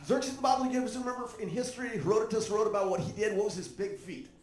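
A man preaching a sermon, animated and joking with the congregation. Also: sits high, fast talker, reverberant. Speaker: pastor.

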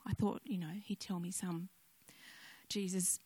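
Older woman preacher, gentle storyteller, dry close sound. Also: mid-range voice, moderate pace, no room sound. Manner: gentle storytelling, conversational asides. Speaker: speaker sharing a devotional message. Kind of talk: personal testimony sermon.

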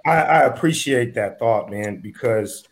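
A man's voice: mid-range voice, expressive, measured pace. A man from the United States hosting a casual chat, reflective and rambling with many fillers. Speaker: host, comedian.

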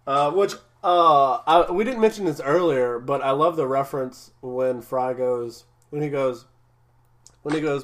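A man's voice: mid-range voice, measured pace, a bit bright. A man chatting casually as a podcast co-host, recapping an episode with many restarts and frequent laughs.

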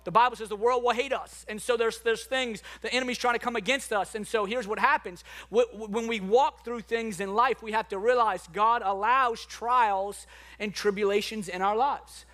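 A male pastor preaching a conversational sermon, energetic with bursts of excitement. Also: high-pitched, normal speed.

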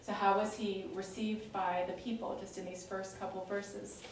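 A woman's voice: medium pitch, flat delivery, moderate pace. A woman teaching scripture in an easy, conversational manner, circling back and restarting her sentences as she explains. Her voice carries a strong echo, as if from a hard-walled room, and she sits some distance from the mic with a faint hiss underneath. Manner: chatty and explanatory, with fillers and restarts. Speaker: Bible study leader.

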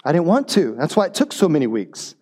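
A middle-aged man preaching a sermon, telling the story with lively animation and briefly voicing the characters' lines. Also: on the high side, a little fast. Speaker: pastor.

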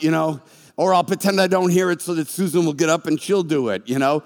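A man's voice: on the high side, quick pace. A man preaching a sermon as a pastor, telling stories with animation and acting out the voices of the people in them. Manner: animated storytelling, acts out voices. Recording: long reverb of a large hall.

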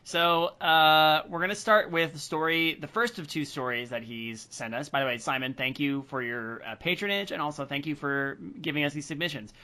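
A man's voice: fairly high pitch, normal speed, few pauses, pushed and bright. A man hosting a casual podcast, rambling with lots of fillers as he reads listener mail. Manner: rambling, filler-heavy, upbeat. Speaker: podcast host.

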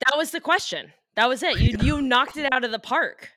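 Woman host, playful, encouraging, bright tone, slightly high, dry sound. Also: lively intonation, brisk, no room sound. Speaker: podcast host. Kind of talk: casual interview chat.

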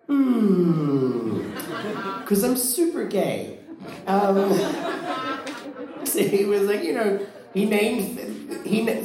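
A man's voice: high voice, darkish tone. A man co-hosting a casual comedy chat, sick with a cold, campy and self-mocking, often laughing. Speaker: podcast co-host. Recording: very echoey room.

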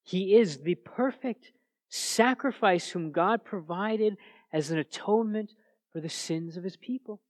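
A man with a fairly high voice preaches a sermon in a relaxed, conversational way. He often restarts his phrases and drives his points home with emphatic rhetorical questions. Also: measured pace. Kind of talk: expository sermon.

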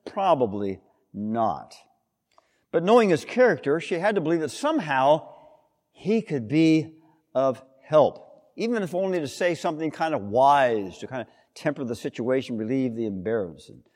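Lively preacher in a reverberant hall. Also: male voice, mid-range voice, moderate pace. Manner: expressive, explanatory, rhetorical questions. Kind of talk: sermon.

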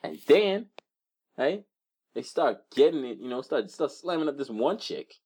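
A young man co-hosting a casual podcast chat, telling stories in an animated way and acting out voices. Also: mid-range voice, a little slow, slightly rough. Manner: animated storyteller, acts out screams and voices. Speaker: podcast co-host.

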